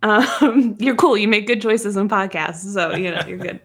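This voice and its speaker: A woman co-hosting a casual podcast, playful and quick to laugh and joke. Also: mid-range voice. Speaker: podcast co-host. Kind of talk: casual chat.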